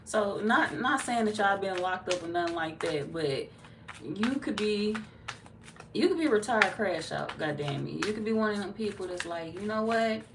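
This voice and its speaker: A woman reads tarot casually, her medium-pitched voice at a moderate pace, picked up far from the mic with background noise. She's blunt, profane and animated, cursing a lot and slipping into the voices of other people she quotes.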